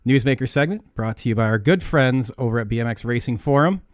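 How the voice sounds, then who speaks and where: A man's voice: mid-range voice, animated, fast, dry recording, clean studio sound. A man hosting a live talk show, reading sponsor thanks in an upbeat, joking way. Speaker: podcast host.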